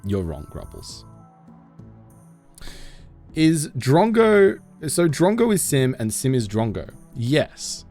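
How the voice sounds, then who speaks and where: A man's voice: mid-range voice, wildly swooping pitch, a little slow, hardly any pauses, mellow, faint music behind. A man live-streaming a game, chatting casually with viewers in a goofy, self-mocking way.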